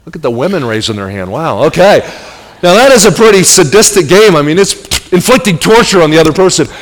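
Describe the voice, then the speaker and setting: A middle-aged male pastor preaches with animated emphasis, his fairly high voice climbing at key points and then dropping to soft asides. The sermon rings out with a long reverb from a large hall. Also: fast.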